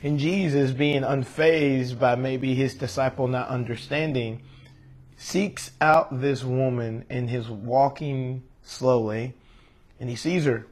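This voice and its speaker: A man's voice: mid-range voice, steady tone, takes it slowly, darkish tone. Earnest preacher, male, reads scripture, then talks to the congregation with questions. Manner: earnest, emotional, rhetorical questions to listeners. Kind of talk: scripture reading and sermon.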